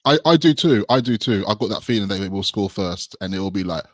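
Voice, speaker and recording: A man's voice: on the low side, animated, quick pace, no room sound. A young man co-hosting a casual football podcast, speaking with hesitant, stammering restarts. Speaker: podcast co-host.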